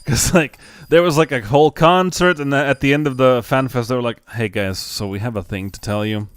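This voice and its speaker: A man's voice: mid-range voice, brisk, clean tone, no room sound. A young man chatting casually on a game stream, swearing freely and laughing often. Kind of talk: casual live stream chat.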